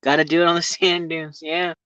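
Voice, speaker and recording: A man's voice: a little high, flat delivery, brisk, sharp tone, clear, resonant tone, no room sound. Rambling, profane man on a dull live stream. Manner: rambling, profane, laughs often. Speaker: livestreamer chatting with viewers. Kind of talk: casual live chat. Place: in a vehicle.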